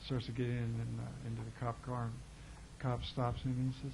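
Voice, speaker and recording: Soft-spoken man mumbling between songs. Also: monotone, brisk, gravelly, slight background noise. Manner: soft-spoken, low and mumbled, rambling joke-telling. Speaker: singer-songwriter performing live. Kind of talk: casual stage banter between songs. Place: live music venue. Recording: dull lo-fi live bootleg with guitar.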